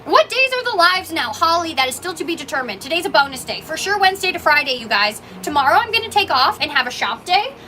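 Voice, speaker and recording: Woman, from Canada, bubbly and gushing, bright high voice, faint shop noise behind. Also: big pitch swings, fast, few pauses. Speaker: coffee shop owner livestreaming. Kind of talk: casual livestream chat reading comments. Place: small coffee shop, indoors.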